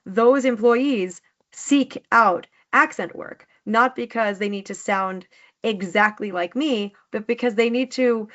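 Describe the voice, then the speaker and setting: A woman's voice: medium pitch, fairly bright tone, highs cut off. A woman speech coach talking enthusiastically in a casual interview, often restarting her sentences. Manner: enthusiastic, many restarts and fillers. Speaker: speech coach, podcast guest.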